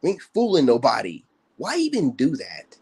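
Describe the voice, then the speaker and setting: A man's voice: mid-range voice, huge pitch swings, normal speed, a little mellow, husky. A man ranting on his livestream in a taunting, boastful way, with slangy, profane talk. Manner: taunting, trash-talking, boastful. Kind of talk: casual livestream rant.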